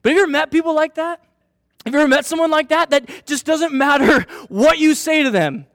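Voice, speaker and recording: A man in his thirties, a pastor, preaching a sermon in a chatty, animated way and telling a self-mocking story about his family. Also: very high voice, brisk, dry recording, studio quality.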